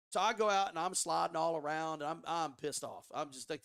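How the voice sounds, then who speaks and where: Lively, foul-mouthed man telling a story. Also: a little high, moderate pace, hardly any pauses, clean tone, dry recording, clean studio sound. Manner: animated, profane, frequent restarts. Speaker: podcast guest. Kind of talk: casual storytelling. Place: studio.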